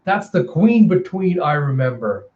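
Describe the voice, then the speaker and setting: A man's voice: on the high side, sing-song, a little slow, lo-fi sound. A man voicing a desperate caged father who pleads frantically. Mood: pleading.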